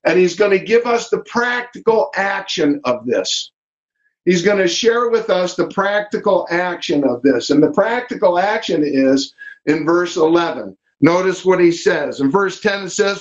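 A male pastor preaching a sermon, reading old-style scripture aloud and repeating key phrases for emphasis. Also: sits high. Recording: dull lo-fi sound.

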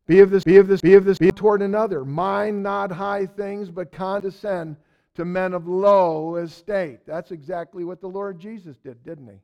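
A man teaching a verse-by-verse sermon in a folksy way, with loud stresses and soft asides, repeating words as he searches. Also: high-pitched, steady tone, moderate pace, muffled recording. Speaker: Bible teacher.

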